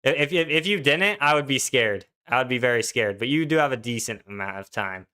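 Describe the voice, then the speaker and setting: Bright, laid-back young male gaming streamer. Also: mid-range voice, animated, fairly quick, clear, resonant tone. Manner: laid-back, slangy, chatty, reads chat aloud. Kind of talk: casual live-stream commentary.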